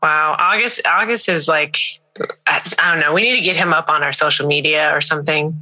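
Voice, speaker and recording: Teasing woman co-host with a sharp, bright voice. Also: low-pitched, brisk. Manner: playful, teasing reactions. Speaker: podcast co-host. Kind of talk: casual chat.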